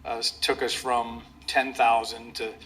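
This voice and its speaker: A man's voice: medium pitch, little pitch movement, unhurried, pushed and bright, a little hiss or hum. A middle-aged man, a police public information officer, telling a rambling anecdote in an interview and chuckling as he goes.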